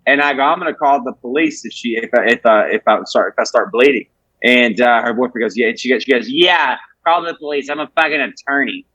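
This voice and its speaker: A man, a comedian telling profane, animated stories on a podcast. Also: medium pitch, quick pace, breathy edge, dry recording, dull audio. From Alabama, USA. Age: 20s. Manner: animated, profane storytelling with acted-out quotes. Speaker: comedian guest. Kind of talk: casual podcast chat.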